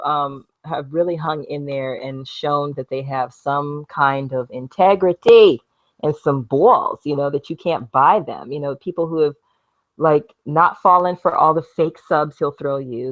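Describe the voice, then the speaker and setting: A female video blogger with a rumbling low, slightly bright voice rants to the camera at home while using a glue gun. She's blunt, sarcastic and swears freely; the audio is dull with no echo.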